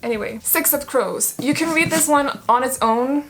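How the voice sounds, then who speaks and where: A woman's voice: high voice, moderate pace, a bit bright, a little hiss or hum. Giggly rambling young woman reviewing books. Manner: rambling, giggly, self-correcting. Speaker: book vlogger. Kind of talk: casual book review chat.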